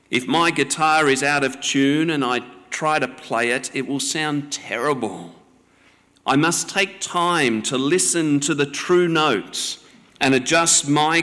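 A man preaching a sermon in a measured, gently teaching way. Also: mid-range voice, long reverb tail.

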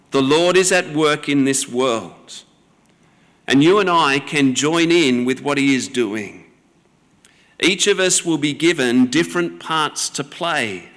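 A male pastor delivering a sermon in a slow, deliberate cadence, letting each phrase settle before the next. His voice rings out in a church with a long reverb trailing behind it. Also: medium pitch, a bit bright. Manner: slow, deliberate preaching with measured pauses.

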